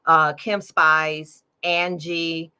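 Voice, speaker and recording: A woman's voice: low voice, flat delivery, drawn-out words, sharp tone, clean tone. A middle-aged woman hosting her own show, talking in an upbeat, chatty way and laughing often. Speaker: podcast host. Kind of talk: casual livestream chat.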